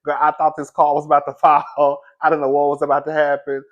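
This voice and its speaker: Male comic storyteller with a high voice, animated delivery and frequent laughter, calling everyone "girl.". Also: quick pace, lo-fi sound. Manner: animated, laughs often, says "girl" constantly. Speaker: comedic commentator.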